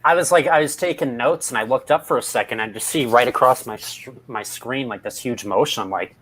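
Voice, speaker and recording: A man's voice: mid-range voice, fairly quick, a bit bright. A man with an ordinary mid-range voice talks casually on a recap show. His remarks are dry and a little critical, and he likes to slip in puns. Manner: wry, critical, fond of puns. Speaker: podcast co-host.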